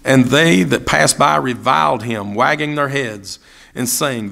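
A man's voice: medium pitch, unhurried, creaky, pushed and bright. A man preaching a sermon as pastor, asking repeated rhetorical questions and acting out the voices of people he quotes. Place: church sanctuary.

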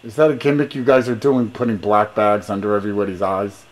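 A man with a fairly low voice talks on a phone call in a rhyming, preachy, sing-song patter. He is pushy and grandiose, piling up rhymes in long run-on sentences as if giving a sermon. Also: little pitch movement, fairly quick. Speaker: caller.

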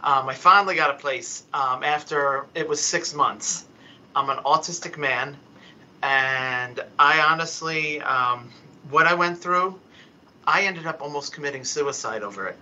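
A man giving emotional, halting testimony at a council hearing, stumbling and restarting as he pleads his case over a remote call. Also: a little high, pushed and bright, dull audio, slight background noise. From Philadelphia, US. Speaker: public commenter at a council hearing. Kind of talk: impassioned unscripted testimony.

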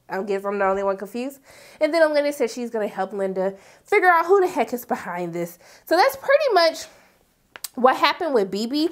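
High, animated woman recapping a show. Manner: sassy, animated storytelling with dramatic reactions. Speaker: TV recap vlogger. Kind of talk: casual episode recap.

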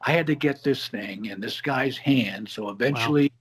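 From his home office, a guest on a video call, a bar magician, recounts a story at normal speed in a slightly rough, mid-range voice. He delivers it animatedly and acts out the dialogue he quotes.

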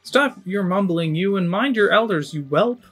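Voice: medium pitch, expressive, normal speed, fairly bright tone, slightly rough, faint music behind, pitched above the performer's own voice. A game streamer voicing a cranky, bossy old tribal elder woman who lectures and scolds. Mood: scolding.

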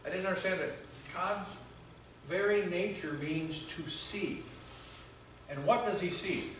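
A male pastor giving a conversational sermon, telling stories with halting restarts. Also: high voice, a bit bright, slight background noise. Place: church sanctuary. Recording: very echoey church hall from far off.

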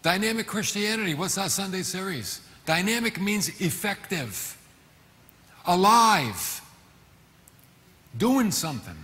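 Middle-aged male pastor, slightly high voice, animated sermon delivery, reverberant church hall. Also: takes it slowly, pauses often. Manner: animated preaching, acting out quoted voices with sudden shouts.

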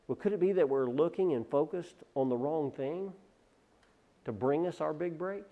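A man preaching a sermon as pastor, firing off loud rhetorical questions and then dropping to quiet asides, often repeating and restarting words. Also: a little high, moderate pace.

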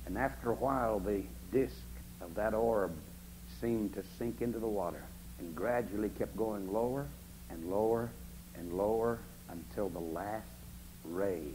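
A man preaching a holiness revival sermon at a camp meeting, swinging from hushed storytelling to shouted fervor. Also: lowish voice, slight background noise, rough recording. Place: large camp meeting service.

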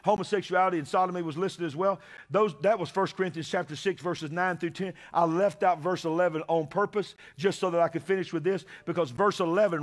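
A man preaching a sermon to his congregation, calling for amens and building to shouted peaks. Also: high-pitched, steady tone, brisk, few pauses. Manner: call-and-response preaching, rising to shouts at climaxes. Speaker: pastor. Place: church sanctuary with congregation.

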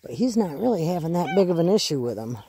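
A woman's voice: on the low side, very animated, fast, warm tone, slight background noise. A woman casually talking through a dog training walk in her yard, breaking off to give her dog short commands and praise. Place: outdoors in her yard near chickens.

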